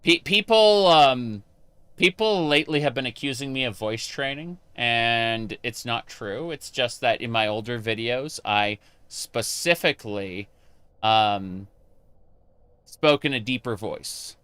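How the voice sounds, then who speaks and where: Bright, crisp-voiced man streaming casually. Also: mid-range voice, lively intonation, slow, no echo. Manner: rambling, answers chat questions, frequent fillers and restarts. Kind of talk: casual live-stream chat while gaming.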